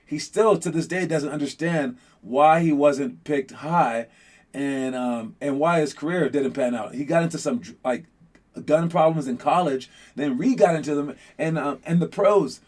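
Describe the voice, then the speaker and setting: A man's voice: on the high side, normal speed. Rambling casual young-sounding male host. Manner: rambling, many restarts and fillers, addresses the audience as guys. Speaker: basketball show host. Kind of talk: casual chat to viewers.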